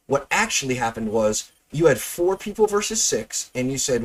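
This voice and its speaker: A male host breaking down gameplay in loose, chatty commentary, often restarting a thought mid-sentence. His voice sits slightly high and moves lively up and down as he talks. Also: normal speed, few pauses. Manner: chatty, explains with stops and restarts. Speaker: host, game reviewer. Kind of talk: casual gameplay review commentary.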